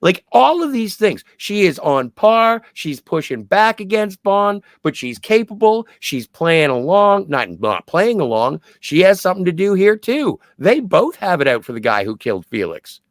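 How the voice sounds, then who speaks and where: A man's voice: high-pitched, big pitch swings, no room sound. Eager man in a dry, close podcast voice. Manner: eager, quick to correct his co-host. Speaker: podcast co-host. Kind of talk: casual film-recap chat.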